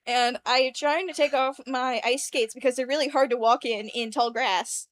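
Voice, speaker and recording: A woman's voice: high voice, moderate pace. A woman co-hosting a casual podcast, telling a long dream story and acting out the people in it. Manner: animated storyteller acting out quoted voices. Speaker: podcast co-host.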